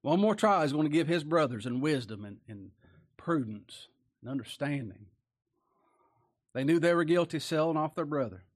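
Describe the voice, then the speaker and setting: A man preaches a Bible study sermon in homey, folksy language. He reads the verses aloud with raised emphasis, then drops to soft, confiding asides. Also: on the high side, expressive, moderate pace.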